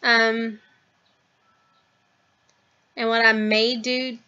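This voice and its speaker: A woman's voice: a little high, level tone, drawn-out words, bright, forceful tone, smooth, muffled recording. A woman in her thirties chatting casually to her camera at home, rambling with lots of ums and trailing asides. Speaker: vlogger. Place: at home, in a house.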